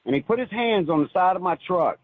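A man calling in to a radio show and telling a personal story in an earnest, halting way, with many restarts. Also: sits high, animated, husky. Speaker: caller. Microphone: phone. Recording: tinny phone line.

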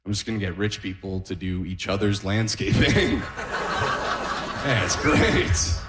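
Low-voiced self-mocking comedian man. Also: unhurried, very noisy. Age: 30s. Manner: rambling, self-deprecating, chuckles at his own jokes. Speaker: stand-up comedian. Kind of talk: stand-up comedy set. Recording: roomy reverberant room.

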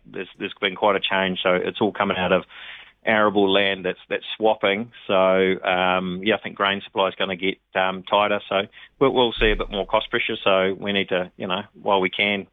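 A New Zealand man speaks over a thin, tinny phone line. His voice is lowish and dry. He rambles casually and fills his gaps with ums and you-knows. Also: no echo. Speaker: pork industry representative. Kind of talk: radio phone interview.

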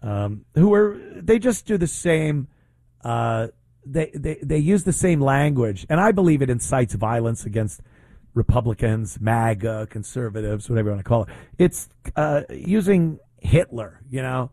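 A man's voice: mid-range voice, expressive, a little slow, mellow, dry recording. A man hosting his own commentary show, talking in a sarcastic, mocking way. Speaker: podcast host. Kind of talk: opinionated commentary.

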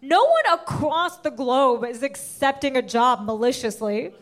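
A young adult woman from the United States performing a brash, animated stand-up comedy set and laughing at her own jokes. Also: high voice, unhurried.

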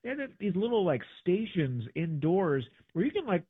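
A man casually chatting as a podcast co-host, rambling with lots of fillers and restarts, turning animated when excited. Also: a little high, moderate pace, breathy edge, no room sound. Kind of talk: casual travel chat. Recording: dry, tinny phone-like sound.

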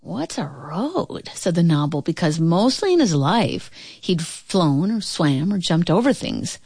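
A woman reading a children's storybook aloud in an expressive, playful way. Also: lowish voice, a little slow, breathy edge, no echo, clean studio sound.

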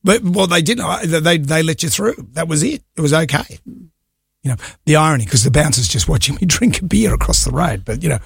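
A man's voice: a little high, animated, brisk, gravelly, husky, no echo, studio quality. A middle-aged man with an Australian accent, co-hosting a radio show and telling a rambling story in casual banter. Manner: rambling anecdotal storytelling with laughs. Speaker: radio co-host.

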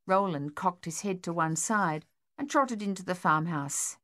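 Steady, measured woman narrator for a storybook, voice a touch low.

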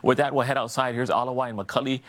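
A man, an anchor giving a brisk, upbeat live traffic report on a morning broadcast. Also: mid-range voice, steady tone, fairly bright tone, dry recording. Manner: brisk, upbeat, uses local Hawaiian words. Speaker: news anchor reading traffic.

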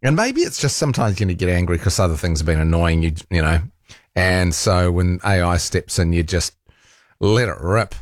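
A man's voice: sits low, lively intonation, moderate pace, dry recording, studio quality. A man hosting a talkback radio show, telling a rambling, exasperated story with laughs and mild swearing. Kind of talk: casual on-air chat.

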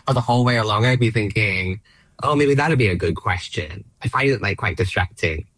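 Man, late 30s, from Australia, low voice, dry sound, rambling, self-deprecating comedian. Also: expressive, a little fast, a bit bright, dry recording. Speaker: comedian guest. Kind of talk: casual chat.

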